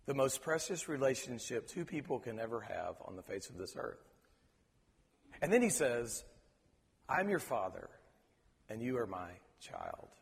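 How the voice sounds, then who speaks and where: A man's voice: medium pitch, wildly swooping pitch, creaky. Earnest male preacher in a reverberant hall. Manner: earnest, halting, repeats words; preacher quoting scripture in reverent tones. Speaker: pastor. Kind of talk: sermon.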